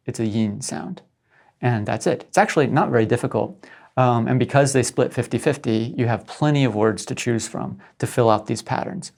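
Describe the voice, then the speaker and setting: Gravelly-voiced man giving a lecture. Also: medium pitch, a little mellow. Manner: explanatory, checks in with "right?". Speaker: professor.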